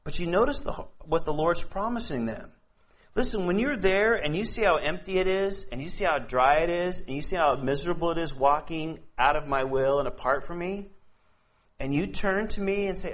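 A man's voice: fairly high pitch, moderate pace, a bit bright. A man preaching a sermon and reading scripture aloud in an earnest way, often stumbling over his words and restarting. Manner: earnest, frequent stammered restarts. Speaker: pastor.

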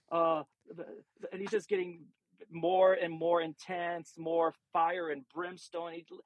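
A man co-hosting a podcast, telling a personal story in an animated way and acting out the quotes. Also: a little high, measured pace, no echo, highs cut off. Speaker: podcast co-host. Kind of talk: casual anecdote telling.

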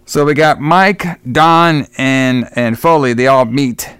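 A man's voice: mid-range voice, slow, fairly bright tone, clear, resonant tone, no echo. A man co-hosting a podcast, casually recapping a horror film's plot in a rambling way, often restarting his words. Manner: rambling, repeats and restarts words while recounting scenes. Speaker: podcast co-host reviewing a horror film.

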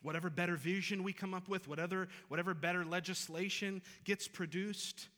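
A pastor preaching a Sunday sermon, talking conversationally and then building to emphatic, repeated phrases. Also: male voice, high voice, steady tone, a little fast, bright, forceful tone. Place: church sanctuary. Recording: long reverb of a large hall.

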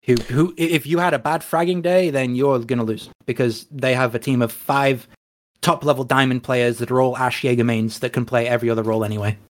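A man's voice: mid-range voice, steady tone, fairly quick. A man from England, an esports coach, answering interview questions in a frank, reflective, casual way.

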